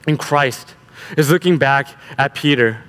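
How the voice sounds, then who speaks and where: A man preaching a sermon, animated and building emphasis by repeating words. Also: mid-range voice, a little slow, in a large hall.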